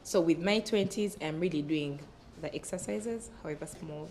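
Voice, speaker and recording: A woman in her twenties with a Ugandan English accent, telling a story in a relaxed panel chat and laughing between phrases. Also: low-pitched, normal speed, a crowd in the background. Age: 20s.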